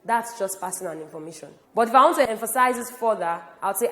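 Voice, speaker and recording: A woman from Nigeria teaching a grammar lesson, speaking slowly and deliberately and stressing each example word. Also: mid-range voice, animated, a bit bright. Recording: roomy with long reverb.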